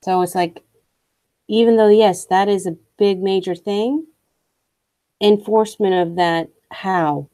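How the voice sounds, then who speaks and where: A woman's voice: medium pitch, fairly even intonation, takes it slowly, pauses often, mellow, no room sound. A young woman streamer ranting casually, blunt and profane, full of strong opinions. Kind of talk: casual rant while streaming.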